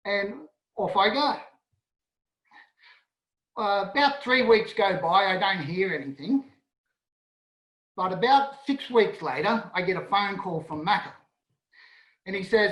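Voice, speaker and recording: A man telling a personal story to an audience in a lively, self-deprecating way, over an online event. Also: sits high, unhurried, pauses often. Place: home, indoors, online event. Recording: roomy echo on an online call.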